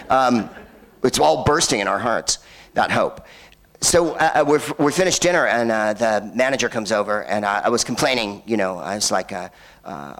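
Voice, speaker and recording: A man's voice: medium pitch, expressive, brisk, fairly bright tone. A man hosting a film screening before a live audience, riffing in a rambling, sardonic stand-up style full of fillers and asides. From United States.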